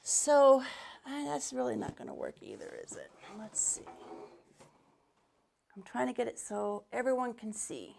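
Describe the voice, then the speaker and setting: A woman's voice: a little high, huge pitch swings, unhurried, vocal fry, long pauses, a little mellow. A woman giving a live craft demonstration as a paint retailer, talking in a chatty, rambling way with restarts and muttered asides, a bit out of breath.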